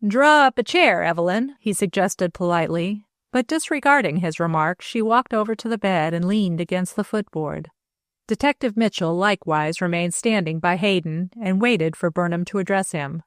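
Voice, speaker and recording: A woman narrating a novel as an audiobook reader in an even, clear storytelling manner. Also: lowish voice, moderate pace, dry recording, clean studio sound. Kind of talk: scripted narration.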